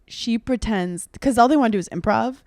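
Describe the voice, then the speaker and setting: A woman in her thirties, a podcast co-host, chatting casually and telling stories in a giggly, animated way with crude jokes. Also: on the high side, fairly quick. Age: 30s. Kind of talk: casual chat.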